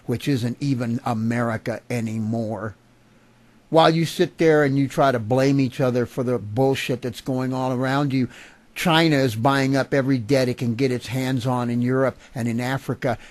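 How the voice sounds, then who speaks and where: A man's voice: medium pitch, a little mellow, dry recording. A man delivering an angry, profane political rant to camera, agitated and furious. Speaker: vlogger.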